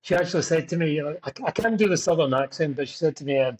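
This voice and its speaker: A middle-aged Scottish drummer, chatting as a guest in a casual interview, rambling through stories with self-deprecating humor. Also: male voice, on the high side, lively intonation, fast, hardly any pauses, a little mellow, slightly rough, low-quality recording. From Scotland.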